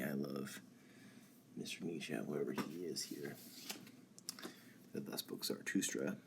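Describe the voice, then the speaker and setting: A young man hosting a live stream, talking through ideas in a halting way with many ums and restarts. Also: rumbling low, noisy background. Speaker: channel host. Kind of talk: casual philosophy talk on a live stream.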